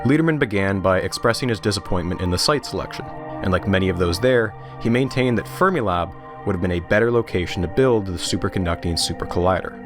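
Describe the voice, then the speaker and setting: A man with a fairly low voice narrates a documentary from a script. He tells the story in a measured way, slipping in dry humor. Clear music runs behind his voice.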